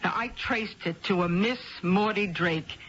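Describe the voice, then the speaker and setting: An actress playing a determined middle-aged wife turned amateur sleuth, earnest and a little halting, in a radio drama with a dull lo-fi sound. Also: female voice, medium pitch, fairly bright tone, lightly acted. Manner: earnest, slightly halting, puts on a phony French accent. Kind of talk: 1970s-80s radio drama acting.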